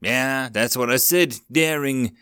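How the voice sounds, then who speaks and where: A man voicing a grumpy, blunt young male goblin in a storybook reading, high and grumbling. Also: big pitch swings, unhurried, fairly bright tone, no echo, clean studio sound.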